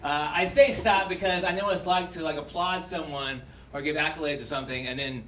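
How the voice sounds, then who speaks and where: Dude doing standup, kinda high voice, wry rambling bits, echoey room, far from the mic. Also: male voice, brisk. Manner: rambling, wry storytelling with laughs. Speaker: stand-up comedian. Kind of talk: stand-up comedy set. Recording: roomy, distant mic with loud background noise.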